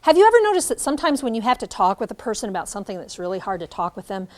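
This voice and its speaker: A middle-aged woman giving a classroom lecture to student teachers, animated, acting out examples as she speaks. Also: mid-range voice, very fast. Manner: animated, demonstrates by acting out lines. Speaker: teacher educator.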